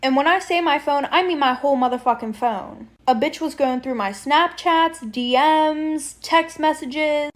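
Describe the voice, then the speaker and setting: A young woman telling a storytime about a toxic friend, blunt and gossipy with swearing. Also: sits high. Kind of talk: storytime monologue.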